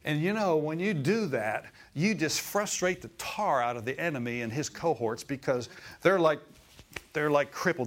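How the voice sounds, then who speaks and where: Preaching in church, this middle-aged man keeps things folksy and lively, with frequent chuckles and calls for amens. His pitch leans high, and he speaks at an ordinary pace.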